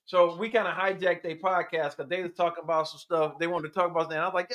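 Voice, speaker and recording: A man's voice: fairly high pitch, fairly even intonation, quick pace, hardly any pauses. A man co-hosting a podcast in casual chat, playful and teasing. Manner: playful, teasing, loud bursts. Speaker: podcast co-host.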